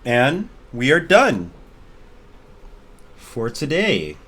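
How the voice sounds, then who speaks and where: A man voicing a wealthy, oddly energetic young woman archaeologist in a tabletop game, talking bluntly and brightly. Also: medium pitch, exaggerated voice. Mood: chipper. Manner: bubbly, blunt, fast-talking.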